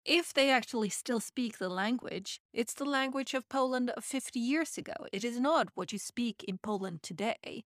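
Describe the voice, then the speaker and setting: A woman's voice: a little high, normal speed, few pauses, dry recording. Reflective Swedish woman, dry close sound. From Sweden. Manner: reflective, restarts phrases. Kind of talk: casual conversation.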